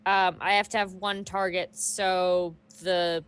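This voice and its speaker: A woman's voice: on the low side, level tone, takes it slowly, a bit bright, clear, resonant tone. A woman playing a tabletop role-playing game, explaining her actions in a hesitant, methodical way. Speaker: player. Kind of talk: casual game table chat.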